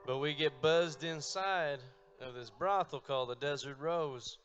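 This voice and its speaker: A man telling a long, profane, deadpan story on stage between songs. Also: mid-range voice. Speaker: comedic storyteller and musician. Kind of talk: stand-up storytelling.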